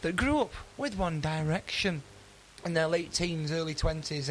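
A man's voice: a little high, slight background noise, poor audio. A man in his thirties presenting a radio show, talking in a chatty, self-mocking way. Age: 30s.

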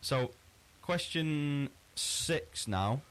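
A man hosting a casual quiz on a podcast, chatty and relaxed, often restarting his sentences. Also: fairly high pitch, very slow. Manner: chatty, easygoing, frequent restarts. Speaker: quizmaster.

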